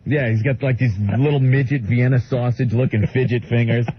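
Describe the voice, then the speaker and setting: A man's voice: medium pitch, a little fast, breathy edge, dry recording. A man co-hosting a radio show, telling a story in casual banter and slipping into goofy voices. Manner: animated storyteller, slips into goofy character voices and laughs. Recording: dull lo-fi radio broadcast.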